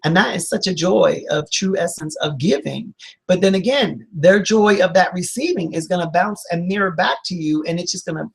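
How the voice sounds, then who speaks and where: A man speaks as a counselor in an informal motivational talk. His voice is husky, with a gravelly edge. He sounds earnest and upbeat, and he rambles with fillers and restarts. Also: sits high, moderate pace, poor audio. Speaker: licensed counselor giving motivational advice.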